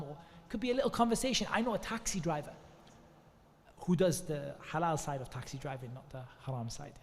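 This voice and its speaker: A man's voice: a little high, fairly quick, long reverb tail. A man giving earnest, conversational religious advice, often repeating devotional phrases as he talks. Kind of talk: informal religious advice talk.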